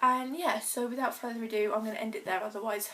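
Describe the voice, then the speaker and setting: A teenage girl, talking emotionally in a personal vlog, halting and earnest, choked up and close to tears. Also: on the high side, steady tone, bright, forceful tone. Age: teens. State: choked up, tearful. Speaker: vlogger.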